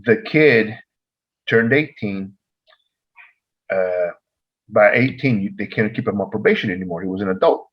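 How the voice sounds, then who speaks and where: Male podcast co-host, husky low voice, lively storyteller, dull recording. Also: moderate pace, pauses often. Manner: animated, acts out dialogue in the story. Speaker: podcast co-host, former probation officer. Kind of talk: casual storytelling.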